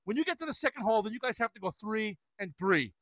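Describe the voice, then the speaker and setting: A man's voice: sits high, animated, fast talker, a bit bright, no echo. A middle-aged father telling a rambling golf story in casual chat, restarting sentences and laughing.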